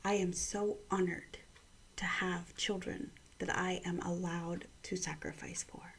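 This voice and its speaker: A woman in her thirties from Canada gives a morning devotional vlog, speaking quietly in a half-whisper so her upset child down the hall can't hear. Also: on the low side, level tone, unhurried. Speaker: mother giving a morning devotional. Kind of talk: hushed personal vlog devotional.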